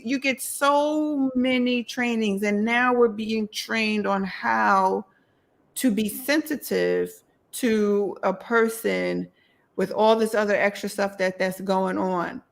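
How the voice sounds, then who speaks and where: A woman's voice: mid-range voice, fairly even intonation, a little slow, creaky. A middle-aged woman hosting a podcast, talking emphatically and repeating her points, with frequent laughs. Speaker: podcast host. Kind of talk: casual podcast chat.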